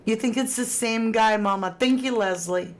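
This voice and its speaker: This true crime livestream host is a woman with a slightly high voice who speaks at a normal speed. She chats casually, reads viewers' comments aloud, and laughs a lot.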